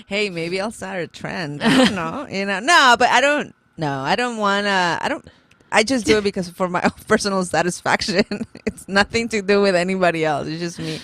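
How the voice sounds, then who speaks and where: A woman in her thirties co-hosting a podcast, telling a story in lively casual chat and laughing often. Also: medium pitch, moderate pace, no echo. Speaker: podcast co-host.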